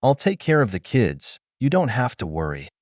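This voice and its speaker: A man's voice: medium pitch, huge pitch swings, moderate pace, dry recording, clean studio sound. A man voicing a cold, sarcastic betrayed husband.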